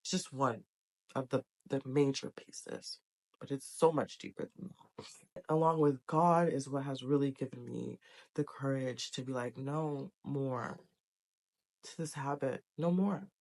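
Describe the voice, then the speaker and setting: A woman's voice: extremely low pitch, fairly even intonation, a little slow, a little mellow. A young adult woman talking to camera in a casual vlog, earnest, emotional and encouraging. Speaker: vlogger. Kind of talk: casual heartfelt vlog talk.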